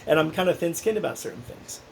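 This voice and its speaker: A man's voice: a little high, animated, fast, vocal fry, a little mellow, slight background noise, rough recording. A man talking casually in a personal vlog, rambling and earnest, with many restarts. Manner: earnest, encouraging. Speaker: vlogger.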